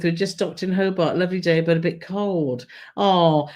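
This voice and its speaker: A woman's voice: fairly low pitch, normal speed. Chatty woman reading viewer comments. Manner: chatty, laughs often, reads comments aloud. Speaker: co-host of a travel channel live stream. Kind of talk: casual live-stream chat reading viewer comments.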